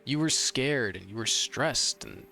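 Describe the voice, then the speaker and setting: A young man with a mid-range, creaky voice and a sharp tone gives emotional let's-play commentary over game music, his intonation lively but his pace unhurried. He rambles heatedly and argues with the characters on screen, talking straight at it.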